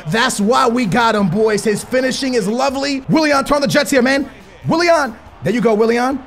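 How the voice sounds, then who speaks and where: A young man giving excitable live commentary on his own football video game matches, muttering while he concentrates and yelling when he scores. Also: very high voice, normal speed, soft background music. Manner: excitable, bursts into shouting at goals. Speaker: gaming YouTuber.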